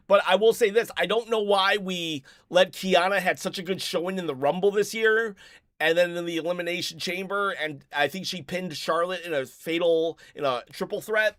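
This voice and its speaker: A man's voice: high-pitched, fairly bright tone, no room sound, clean studio sound. A man hosting a casual live stream, rambling and reading viewer comments aloud, a bit out of breath.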